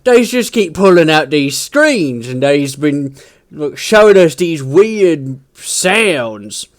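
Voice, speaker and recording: A man voicing a crude male ork warboss who is itching for a fight, gruff and bossy with broken ork grammar. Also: on the high side, sing-song, slow. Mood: grumbling.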